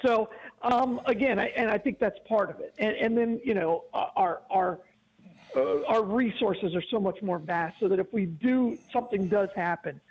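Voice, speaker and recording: A man's voice: high-pitched, normal speed, lo-fi sound. A man in his fifties, a regular guest on a radio show, chatting in an agreeable way and laughing easily. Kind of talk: casual radio chat.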